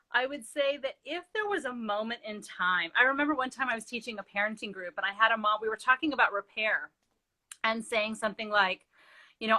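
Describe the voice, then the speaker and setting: A woman's voice: fairly high pitch, bright, forceful tone. A middle-aged woman, a parenting expert, explaining earnestly in a live interview and telling stories with quoted dialogue.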